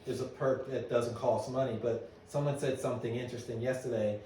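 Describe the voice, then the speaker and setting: A man's voice: medium pitch, brisk, far from the mic, slight background noise. Middle-aged man speaking in an echoey hall. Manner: lively storyteller, asks the room questions. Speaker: business owner giving a presentation. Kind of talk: conference talk to an audience. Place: meeting room at an annual meeting.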